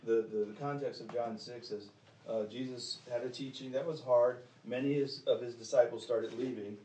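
A man preaching a sermon in a church, pressing the congregation with direct questions, with sharp emphatic rises and drops. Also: mid-range voice, fairly even intonation, moderate pace. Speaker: pastor. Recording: echoey room, mic at a distance.

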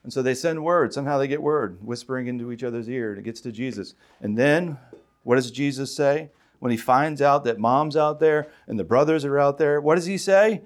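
Guy preaching a sermon, chatty, lots of questions, gets loud on the big points. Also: medium pitch, brisk. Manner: animated preaching with rhetorical questions, loud emphatic rises; conversational, with fillers and restarts. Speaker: pastor.

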